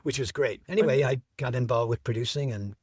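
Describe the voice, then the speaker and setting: A middle-aged man telling the story of how he built an event, as an interview guest, with lively enthusiasm. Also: medium pitch, fairly quick, husky, no room sound, clean studio sound.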